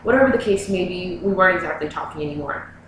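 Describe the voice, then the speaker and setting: A young woman vlogs a personal story fast in a fairly low voice, rambling casually and leaning heavily on "like" and "you know." The room is very echoey, the mic sits far away, and there's slight background noise.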